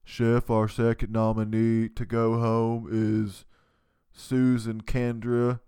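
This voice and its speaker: A man voicing a nervous contestant on a cooking show, speaking low, slow and halting. Every answer defers politely to the chef. The voice stays smooth and clear. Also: monotone, mellow. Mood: hesitant. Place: home basement.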